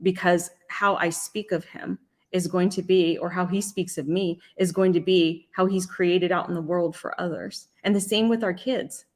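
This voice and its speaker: A woman's voice: lowish voice, fairly even intonation, moderate pace. Chatty woman hosting a live stream. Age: middle-aged. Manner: chatty, rambling, frequent restarts. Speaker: host and life coach. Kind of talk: casual live-stream talk.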